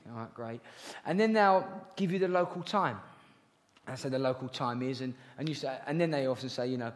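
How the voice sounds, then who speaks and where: A man's voice: mid-range voice, brisk. A young man preaching a sermon, earnest and chatty, with jokey asides to the congregation. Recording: long reverb of a large hall.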